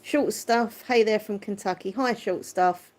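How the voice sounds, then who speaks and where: A woman hosting a casual livestream, chatting and answering viewer comments. Her voice is squeaky yet deep, and her manner is chatty and quick to laugh. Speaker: livestream host. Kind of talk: casual live chat, reading viewer comments.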